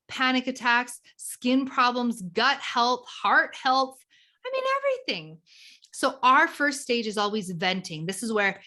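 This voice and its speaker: A woman guest talks through a tapping method in a relaxed, teaching tone. Her voice sits a bit high and sounds bright and clear. She is animated and slips into little acted snippets to show her point, with a lot of rise and fall. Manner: animated, acts out examples of inner talk. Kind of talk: conversational teaching.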